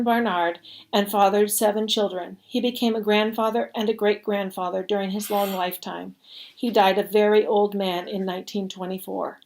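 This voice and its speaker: A woman reading a story aloud at a service, with an expressive, measured storytelling manner. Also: mid-range voice. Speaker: reader.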